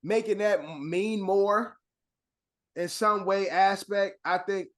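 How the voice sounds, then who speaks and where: High-voiced rambling man in podcast chat. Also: fairly even intonation, takes it slowly. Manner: rambling, agreeable, many fillers like "like". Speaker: podcast co-host.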